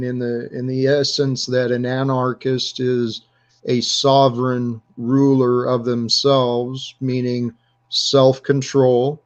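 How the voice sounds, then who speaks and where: A man hosting a casual panel discussion, speaking in a searching, halting way. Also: medium pitch, lo-fi sound. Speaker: host.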